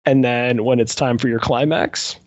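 A man's voice: mid-range voice, fairly even intonation, normal speed, no room sound, highs cut off. A man chatting casually on a podcast, rambling with lots of fillers and laughing as he goes. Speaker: podcast co-host. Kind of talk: casual chat.

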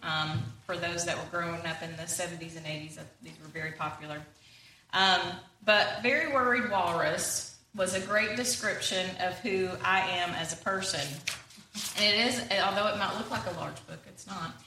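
Lady giving a church talk, lots of ums, bright voice, echoey hall from a ways off. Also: on the low side, a little hiss or hum. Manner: informal, halting, with many fillers and self-deprecating humor. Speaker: church speaker. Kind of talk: sermon-style talk. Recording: echoey room, voice from a distance.

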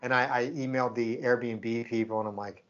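Speaking at a moderate pace in a mid-range voice, a male podcast co-host shares a story casually and brings the quoted dialogue to life with animation. The recording's high frequencies are cut off.

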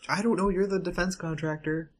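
A man's voice: high-pitched, fairly even intonation, brisk. A man co-hosting a casual podcast, teasing dryly and steering the conversation along. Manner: dry, teasing, steers the talk. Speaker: podcast co-host. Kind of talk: casual chat.

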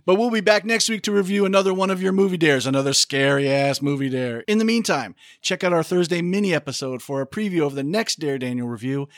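Co-host: man with a slightly raised pitch, dry delivery and joking asides, no room sound. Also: animated, fast talker, hardly any pauses, no echo. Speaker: podcast co-host. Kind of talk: casual movie review chat.

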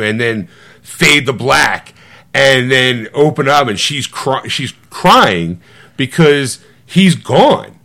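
A middle-aged man co-hosting a podcast, retelling a movie in casual chat with animated, swearing storytelling that acts out other people's lines. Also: mid-range voice, a little slow. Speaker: podcast co-host.

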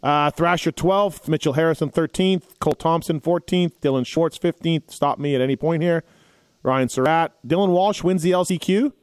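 On a casual racing podcast, the male host reads off results, rambling and fixing his own mistakes along the way. He's on the high side with a clear, resonant tone at normal speed, recorded dry.

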